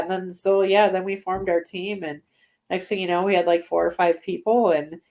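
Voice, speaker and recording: A woman's voice: on the low side, steady tone, moderate pace, darkish tone. A woman in her forties, a guest on an interview show, talking casually with lots of fillers and frequent laughs. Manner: chatty, laughs often, many fillers.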